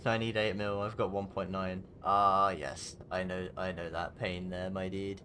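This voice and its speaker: Male streamer, casual rambler, low pitch, crisp forward tone. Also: little pitch movement, unhurried, pushed and bright, a little hiss or hum. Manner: rambling, chatty, swears casually. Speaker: game streamer. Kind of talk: casual chat while gaming.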